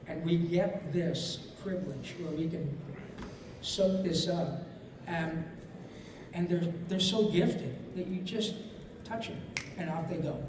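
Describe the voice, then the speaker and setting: A man on a convention panel speaking emphatically to a live audience, animated and swinging between loud and soft. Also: sits high. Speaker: voice actor and podcast host on a convention panel. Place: large convention hall. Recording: very echoey hall from far off with noise.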